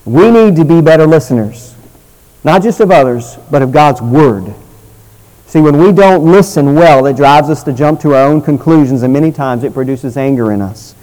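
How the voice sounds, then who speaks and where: A man preaching a sermon in an earnest teaching tone. He slows down for emphasis and lets his phrase ends fall soft. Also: on the high side, expressive, low-quality recording.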